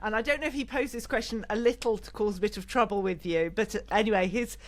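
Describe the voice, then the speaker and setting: A woman's voice: mid-range voice, fast. A woman hosting a podcast interview, reading listener questions aloud and laughing along with her guest. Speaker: podcast host.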